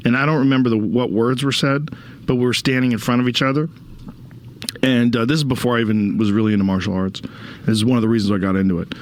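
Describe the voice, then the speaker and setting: A man's voice: medium pitch, steady tone, fast talker. A middle-aged man hosting a podcast, talking casually and frankly, reacting with short interjections. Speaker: podcast host. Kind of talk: casual conversation. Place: podcast studio.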